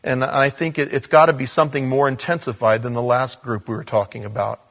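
A man preaching a conversational sermon as a pastor, with animated bursts. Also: medium pitch, brisk, vocal fry.

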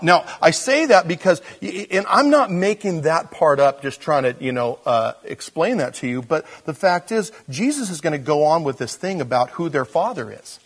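A man preaching a sermon as pastor, in a conversational way with fillers and restarts, moving between quiet intensity and animated emphasis. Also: fairly high pitch, moderate pace, few pauses, breathy edge.

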